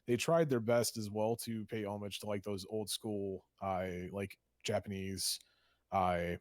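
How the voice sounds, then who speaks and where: A man's voice: fairly low pitch, steady tone, unhurried, no room sound. A man co-hosting a gaming podcast who jumps in eagerly and swears as he talks. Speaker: podcast co-host. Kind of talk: casual gaming podcast chat.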